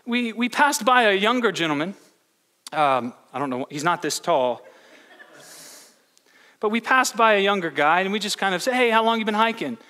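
Male pastor, bright tense voice, chatty sermon full of restarts, echoing church hall. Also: high voice, animated, moderate pace, pauses often. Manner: storytelling with many restarts. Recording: long hall reverb.

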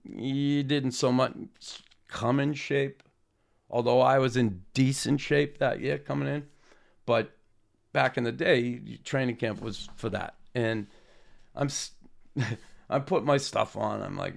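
A man, a former hockey player telling an animated anecdote and acting out quotes. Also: medium pitch, unhurried, gravelly. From Boston area. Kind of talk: anecdotal storytelling.

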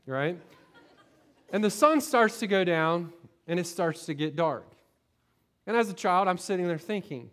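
A middle-aged man from Florida, a pastor preaching a sermon, telling a personal story in a conversational way, often repeating words and checking in with the congregation. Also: high voice. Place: church sanctuary.

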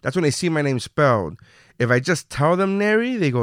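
A man hosting a casual podcast, joking and swearing with quick asides. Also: on the high side, big pitch swings, no echo, clean studio sound. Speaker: podcast host.

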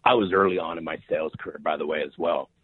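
With a very deep voice, fairly even intonation, a fast pace and a breathy edge, a sales author in his fifties talks energetically as a podcast guest. He stresses his points, repeats words, and often asks "right?" There's no room sound, though the audio is tinny like a phone call.

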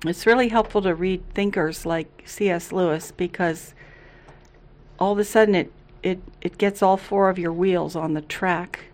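Casting note: middle-aged female co-host, lower-pitched, playful and teasing, casual faith chat. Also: steady tone, moderate pace.

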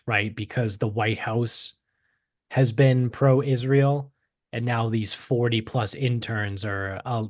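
A man's voice: lowish voice, no echo, clean studio sound. A man co-hosting a podcast in casual chat, telling a story in a rambling way with swearing and mocking asides. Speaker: podcast co-host.

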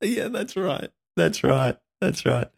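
A man's voice: a little high, big pitch swings, slow pace, vocal fry, slightly rough. An Australian man hosting a podcast, chatting casually and rambling a little with fillers. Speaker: podcast host. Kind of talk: casual chat.

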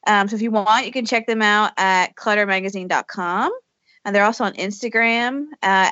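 A woman's voice: medium pitch, fairly bright tone, no room sound. A woman co-hosting a casual podcast, easygoing and a bit self-deprecating. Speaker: podcast co-host. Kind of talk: casual chat. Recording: dull, lo-fi sound.

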